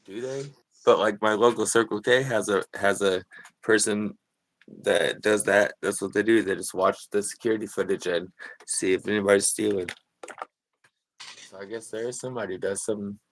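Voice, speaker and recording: Low-voiced young man rambling casually. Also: steady tone, normal speed, no room sound, poor audio. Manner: rambling, laughs through stories. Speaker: streamer drawing with a guest. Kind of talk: casual chat. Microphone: video call.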